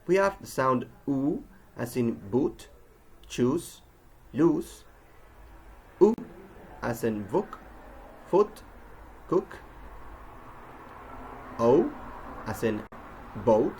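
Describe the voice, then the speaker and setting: A man's voice: medium pitch, expressive, drawn-out words, pauses often, darkish tone, slight background noise. A man giving a pronunciation lesson, carefully enunciating example words one at a time. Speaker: pronunciation teacher.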